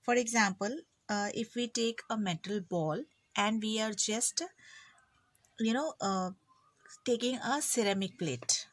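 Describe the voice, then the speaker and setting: A woman's voice: medium pitch, measured pace, no room sound. A woman with an Indian English accent teaching an online physics class in a chatty way, acting out her students' lines.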